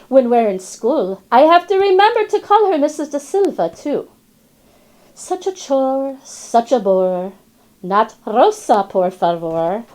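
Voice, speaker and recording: A woman with a mellow, fairly high voice plays a chatty, wry female parrot in a classroom storybook narration. The bird rhymes, makes sly asides, and drops in Spanish words.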